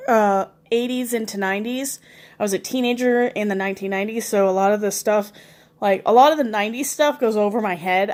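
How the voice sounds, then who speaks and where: A woman around forty telling funny stories in a casual, rambling way, with many fillers and laughter. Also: medium pitch. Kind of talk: casual anecdotal storytelling.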